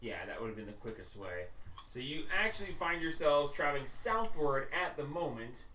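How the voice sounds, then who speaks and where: A man's voice: a little high, sing-song, moderate pace, bright, forceful tone. A man running a tabletop game as game master, narrating in a chatty, teasing way. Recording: echoey room, mic at a distance, faint noise.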